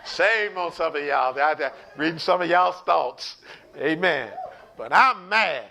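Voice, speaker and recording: A man preaching an online Bible study, animated, repeating words and calling out to his listeners. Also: on the high side, unhurried, gravelly. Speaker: pastor teaching a Bible study.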